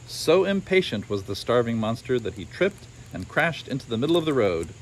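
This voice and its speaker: A man's voice: medium pitch, big pitch swings, normal speed, a little hiss or hum. Male storyteller reading aloud with wry asides; faint insects in the background.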